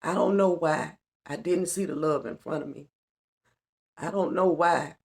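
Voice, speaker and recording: A woman's voice: low-pitched, measured pace, gravelly, a little mellow. A middle-aged woman giving an earnest, colloquial personal testimony on a spiritual vlog, repeating lines for emphasis. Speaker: spiritual vlogger.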